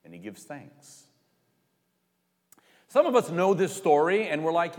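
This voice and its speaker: Man, pastor, sermon, slow and lively, conversational, long church reverb. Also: fairly high pitch. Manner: conversational, animated, acts out quoted lines.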